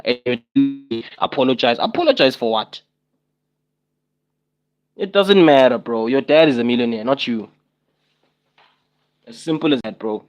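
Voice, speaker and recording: A man's voice: medium pitch, expressive, a little slow, long pauses, highs cut off. A young man on a casual livestream, talking to his viewers and repeating himself in exasperated rhetorical questions.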